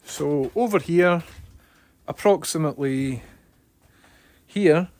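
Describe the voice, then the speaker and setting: Speaking into a phone mounted on his head at home, a Scottish man chats casually with his live stream viewers. He's excitable and talkative, with a fairly high pitch and a slow pace.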